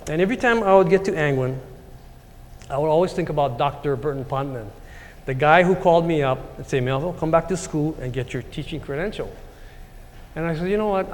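Man in his sixties, slightly higher voice, rambling heartfelt story, church hall, long reverb. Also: darkish tone, slight background noise. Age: 60s. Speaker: church speaker. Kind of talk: personal story talk.

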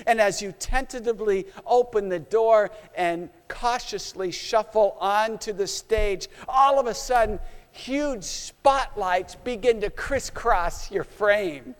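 A man's voice: sits high, slow pace. A man preaching a sermon, telling a story dramatically and acting out its scenes. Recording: long hall reverb.

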